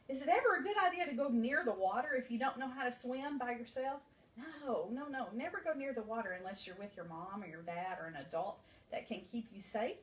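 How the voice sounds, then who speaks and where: A woman nursery school teacher reading a storybook aloud to young children, animated and asking them questions. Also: high voice. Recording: echoey room, mic far off.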